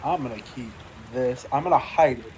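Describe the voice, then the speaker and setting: A man playing a tabletop game in an excitable, chatty way. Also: mid-range voice, normal speed, noisy background. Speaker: player. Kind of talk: casual tabletop game play.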